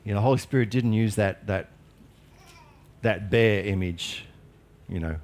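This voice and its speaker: A man's voice: lowish voice, measured pace, a little mellow. A male pastor preaching a sermon in an earnest, emphatic way with light humorous asides.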